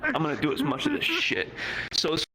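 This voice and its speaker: A man's voice: fairly high pitch, a little fast, crowd noise, rough recording. A young adult man streaming live, telling a story in casual talk, swearing a lot and acting out the people he quotes. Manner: profane, animated, acts out the people he quotes.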